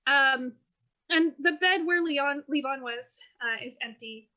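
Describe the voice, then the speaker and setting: A woman running a tabletop game, describing scenes in a lively, quick way full of fillers. Her voice sits high and sounds bright. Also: muffled recording. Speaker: game master.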